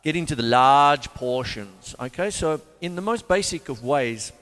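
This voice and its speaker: Excitable, jokey drum teacher. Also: male voice, a little high, a little slow, in a large hall. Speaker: drum teacher and show host. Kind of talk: live-streamed drum lesson. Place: drum studio.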